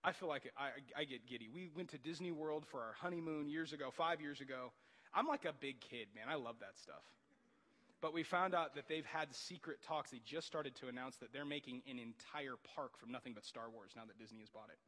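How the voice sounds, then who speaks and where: A man in his thirties preaching a sermon, animated and jokey, often rising into loud excited outbursts. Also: medium pitch, brisk. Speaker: pastor. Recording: long hall reverb.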